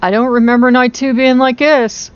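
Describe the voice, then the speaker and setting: A woman commenting on her own horror game playthrough into a close microphone, excitable and quick to shriek and laugh. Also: sits high, clean tone, dry recording, muffled recording. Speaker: gaming video host. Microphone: close desk microphone.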